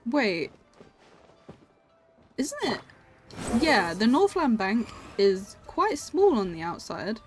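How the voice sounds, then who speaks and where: Mid-range and full of big pitch swings, this young woman's voice carries over faint background music. She's live-streaming a game, chatting playfully and laughing quickly with viewers.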